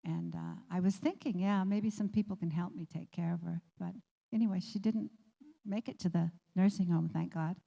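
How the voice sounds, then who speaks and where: A woman sharing a heartfelt personal story as a guest, laughing often and growing animated as she recalls. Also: fairly low pitch, moderate pace, gravelly, long reverb tail. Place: community office room.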